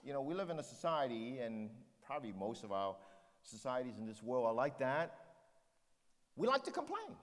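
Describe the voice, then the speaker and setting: A man's voice: mid-range voice, very animated, moderate pace. Preacher guy firing off rhetorical questions, voice swooping all over, big echoey church hall. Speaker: pastor. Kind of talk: sermon.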